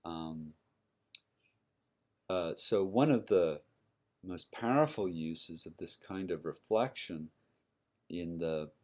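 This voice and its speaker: A man's voice: low-pitched, animated, slow, pauses often, darkish tone. A man giving a university lecture, explaining step by step and checking in with his listeners by asking "right?" as he goes. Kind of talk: recorded classroom lecture.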